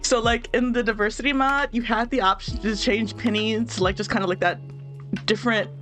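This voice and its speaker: Hosting a let's play, a young woman with a stuffy nose giggles and chats casually over faint game music. Her voice is fairly high and fairly bright, with fairly even intonation and a fairly quick pace.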